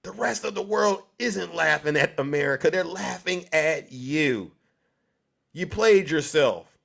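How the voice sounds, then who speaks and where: A man's voice: a little high, animated, measured pace, gravelly, fairly bright tone. A male show host delivering a mocking monologue, firing rhetorical questions at his audience.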